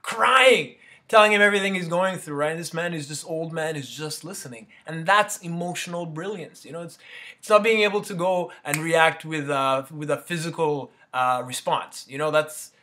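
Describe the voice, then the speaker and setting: A man's voice: on the high side, normal speed, sharp tone. A man giving a casual motivational talk, rambling and peppering his sentences with "you know" and "right?". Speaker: motivational speaker.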